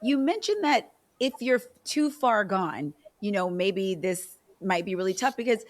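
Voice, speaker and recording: A woman's voice: mid-range voice, sing-song, normal speed, dry recording. A woman hosting a podcast, asking curious follow-up questions and affirming her guest. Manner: curious, attentive, frequent affirmations. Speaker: podcast host.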